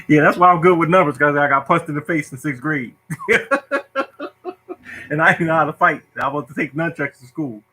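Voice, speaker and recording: A man hosting a lottery show, casually telling stories to viewers in an animated, joking, self-mocking way. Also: fairly high pitch, fast talker, few pauses, breathy edge, rough recording.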